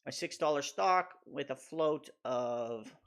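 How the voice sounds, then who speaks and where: A man's voice: medium pitch, slow pace, fairly bright tone. A man in his thirties hosting a casual stock market livestream, rambling loosely with swearing and laughs. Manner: profane, laughing, loose and offhand.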